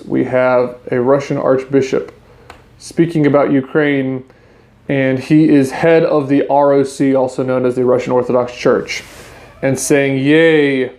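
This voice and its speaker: A man's voice: mid-range voice, creaky, darkish tone. A man hosting a podcast, casually commenting on the news and reading articles aloud in a conversational way. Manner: conversational, restarts and fillers, speaks to listeners as guys. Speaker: podcast host.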